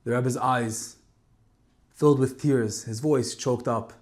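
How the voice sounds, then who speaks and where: A man gives a Torah talk framed as a dramatic, emotional story, shifting between forceful emphasis and quiet, hushed moments. His voice is mid-range and slow, with fairly even intonation.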